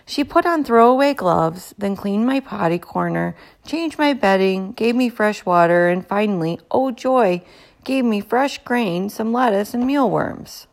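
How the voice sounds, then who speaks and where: A woman reading a children's chapter book aloud in a gentle, expressive way. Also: mid-range voice, a little slow, vocal fry, hardly any pauses. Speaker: storybook reader.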